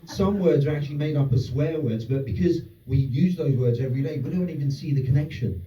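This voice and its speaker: A man's voice: on the high side, brisk, warm tone, a little hiss or hum. A man doing a stand-up comedy set to a live audience, sarcastic and sweary with rambling asides. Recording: roomy distant dull club recording.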